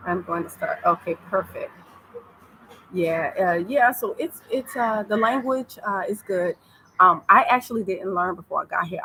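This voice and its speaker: An American woman living abroad in East Africa gives casual advice in a vlog, her lowish voice bright and forceful. The low-quality recording has slight background noise, and she's chatty and repetitive, laughing easily.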